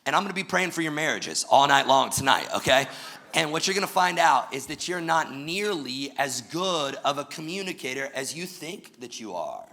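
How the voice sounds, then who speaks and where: A man with a bright, forceful voice delivers a lively sermon to his congregation. He speaks directly and with energy, dropping in quick jokes as he goes. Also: fairly high pitch, gravelly. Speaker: pastor.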